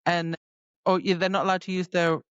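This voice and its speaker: A book-club podcast co-host retells a novel's scenes in a chatty way, filling her speech with "like." She talks briskly in a lowish, clear, resonant voice with little pitch movement. The recording is dry and has a dull lo-fi sound.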